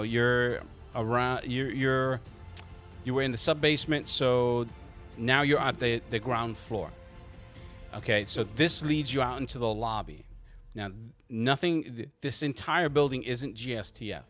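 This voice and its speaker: A man narrating a tabletop game as game master, halting and restarting, with quick voiced asides. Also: mid-range voice, a bit bright.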